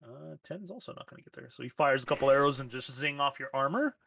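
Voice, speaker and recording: A man's voice: medium pitch, lively intonation, fast, creaky, background noise. A man running a tabletop game as game master, making plain rules calls with a few fillers.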